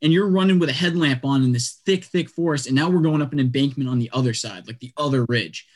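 A man telling a long story in casual chat, animated and acting out what people said, with lots of "like" and quick restarts. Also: mid-range voice. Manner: animated, acts out quotes, lots of "like".

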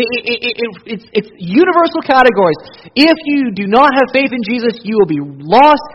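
Animated pastor preaching in an echoing hall. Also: male voice, sits high, breathy edge. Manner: animated, swings from loud emphasis to hushed intensity. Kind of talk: sermon. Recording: dull audio with long hall reverb.

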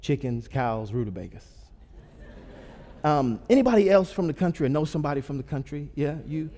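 High-voiced pastor in his thirties. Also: lively intonation, fairly quick, warm tone. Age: 30s. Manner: humorous, engages the audience with questions. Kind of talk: storytelling sermon. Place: church auditorium. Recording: long hall reverb.

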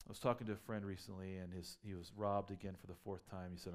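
A man's voice: sits low, flat delivery, fast. A man preaching a sermon as a pastor, conversational and full of rhetorical questions, building up to emphatic peaks.

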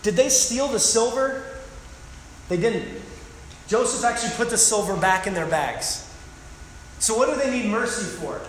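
High-voiced preacher in an echoing hall. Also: male voice, animated, a little slow, pauses often, a little hiss or hum. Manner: dramatic scripture reading with emphatic asides. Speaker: pastor. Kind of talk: sermon. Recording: echoey hall with long reverb.

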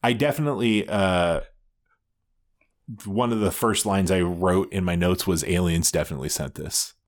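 A man's voice: low-pitched, moderate pace. A man co-hosting a podcast, chatting casually, swearing often and restarting his sentences. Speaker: podcast co-host. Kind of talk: casual chat.

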